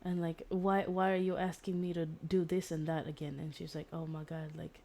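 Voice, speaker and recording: A woman's voice: deep voice, flat delivery, normal speed, dark tone. A woman streamer casually retelling a story, rambling with fillers and restarts and acting out the quoted lines.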